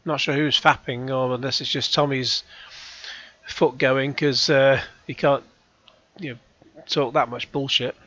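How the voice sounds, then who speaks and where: A man's voice: mid-range voice, fairly even intonation, unhurried, long pauses, fairly bright tone. A man with a sarcastic, scornful manner, swearing through his commentary on a clip. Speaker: reaction video host. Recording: dry, slightly dull mic.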